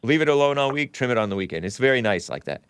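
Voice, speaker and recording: A man's voice: mid-range voice, lively intonation, rapid-fire, a bit bright, clean tone, dry recording, clean studio sound. A congested man hosting a call-in talk show, rambling casually and laughing often between remarks. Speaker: talk show host taking calls and reading chat.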